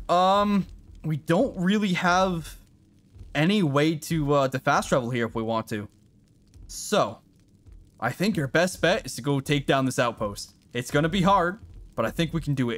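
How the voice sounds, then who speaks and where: A man giving casual, excitable gameplay commentary, swearing and shouting encouragement at his in-game companion. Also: on the high side. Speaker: gaming YouTuber.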